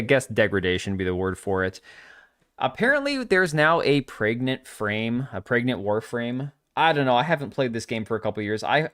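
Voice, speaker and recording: A man's voice: medium pitch, fairly bright tone. A young man hosting a casual gaming livestream, blunt and opinionated, often restarting his sentences. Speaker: livestream host.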